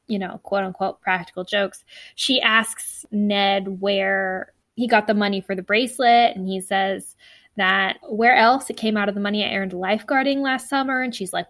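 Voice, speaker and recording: A woman's voice: medium pitch, fairly even intonation, moderate pace, a bit bright, dry recording. A woman co-hosting a podcast, recapping a book casually with lots of fillers. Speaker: podcast co-host.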